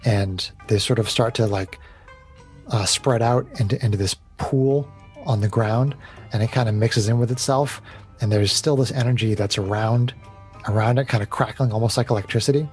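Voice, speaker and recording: A man's voice: mid-range voice, normal speed, darkish tone, faint music behind. Hesitant man running a tabletop game. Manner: hesitant, repeats words, often laughs. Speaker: game master.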